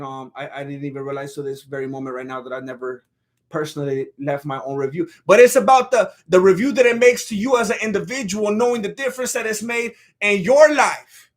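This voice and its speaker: A man hosting comedic commentary and a sponsor read, talking animatedly and stammering through restarts, jumping between loud outbursts and low mutters. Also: fairly even intonation, a little fast. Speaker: host.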